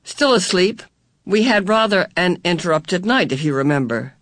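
A patient mother of four from a storybook, voiced by a reader. She speaks in a calm, steady voice. The sound is dry and close. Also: mid-range voice, moderate pace, no echo, lightly acted.

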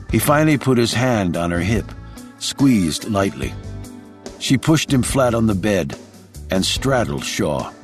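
A man narrating a novel in a measured, even way, switching voices for the characters. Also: fairly low pitch. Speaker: audiobook narrator. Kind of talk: scripted narration. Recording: dry close mic with faint music.

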